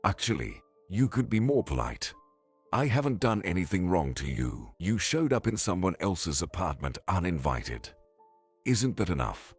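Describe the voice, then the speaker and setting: A man's voice: deep voice, big pitch swings, moderate pace, slightly rough, soft background music, full character voice. A man reading the lines of a sulky, sarcastic teenage boy in a storybook narration, in a grumbling, curt manner. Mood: grumpy.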